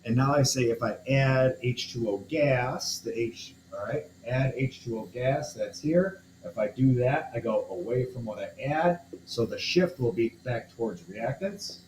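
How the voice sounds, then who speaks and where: A man's voice: medium pitch, a little slow, hardly any pauses, a little mellow, a little hiss or hum. Man teaching a chemistry problem, echoey room. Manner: talks through steps aloud, checks in with listeners. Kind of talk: homework walkthrough lesson.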